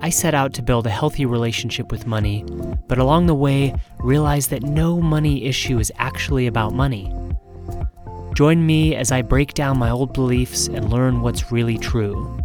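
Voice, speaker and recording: A man narrates a short scripted intro to his show. His delivery is polished and inviting. Music plays clearly underneath his voice. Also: mid-range voice, normal speed. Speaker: show host. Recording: music playing behind.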